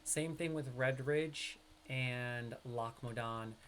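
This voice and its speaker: Male streamer, New York accent, mid-pitched voice, chatty live gameplay commentary aimed at viewers. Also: slow pace, slight background noise. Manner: chatty, talks straight to his viewers.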